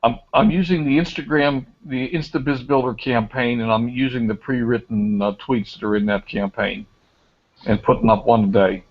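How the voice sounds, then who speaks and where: A man's voice: mid-range voice, normal speed, highs cut off. A man hosting a small online group chat, talking in an easygoing, chatty way with restarts. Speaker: group host.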